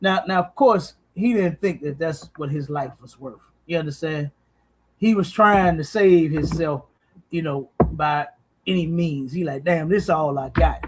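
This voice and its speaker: A man's voice: fairly high pitch, unhurried, a little hiss or hum. A man hosting a podcast, preaching emphatically with profanity and repeated "you understand?". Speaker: podcast host.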